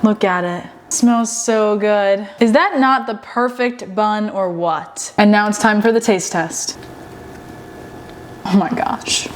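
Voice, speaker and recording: A woman's voice: medium pitch, unhurried, few pauses, slight background noise. A woman hosting a home baking vlog, chatting to her viewers in a gushing, enthusiastic way and repeating her favourite phrases. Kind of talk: casual chat to camera. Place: home kitchen.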